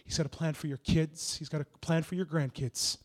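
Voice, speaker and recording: A young man preaching a sermon, earnest and encouraging, building into shouted prophetic declarations. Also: fairly high pitch, little pitch movement, fairly quick.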